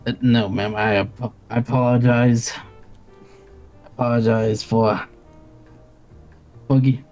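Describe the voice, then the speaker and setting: Male player in character, mid-pitched, formal and stammering. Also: flat delivery, slow pace, darkish tone, soft background music. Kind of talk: in-character role-play.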